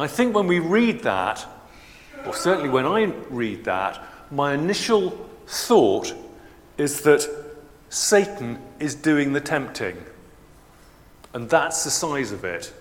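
A man preaching a sermon in a measured, explanatory, conversational way. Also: mid-range voice. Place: church. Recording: long church reverb.

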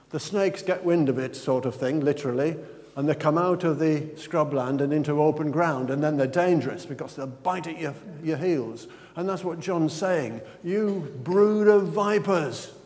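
A man delivers a sermon, animated and conversational, and keeps asking his listeners questions. His voice is a little high for a man. The long reverb of a large hall trails after each phrase. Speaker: preacher.

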